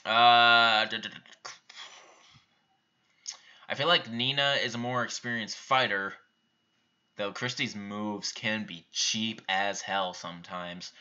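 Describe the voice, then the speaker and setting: A man's voice: lowish voice, fairly even intonation, slow, long pauses, sharp tone, dull audio. A young man hosting a live viewer Q&A, reading out questions and answering them offhand and bluntly in a casual chat. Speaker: YouTube channel host answering viewer questions.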